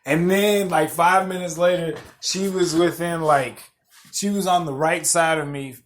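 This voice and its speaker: A man hosting a podcast, telling a story as a profane rant, swearing constantly, repeating himself and getting loud and worked up. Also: a little high, steady tone, measured pace. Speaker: podcast host.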